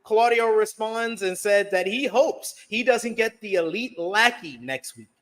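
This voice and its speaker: A man hosting a wrestling review show, recapping events and calmly defending his own take in casual chat. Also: high voice, a little slow. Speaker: host.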